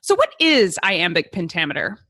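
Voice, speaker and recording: A woman podcast host reading a scripted introduction and asking interview questions in a lively, emphatic way. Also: lowish voice, normal speed, dry recording. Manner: reads in a lively, emphatic, sing-song way.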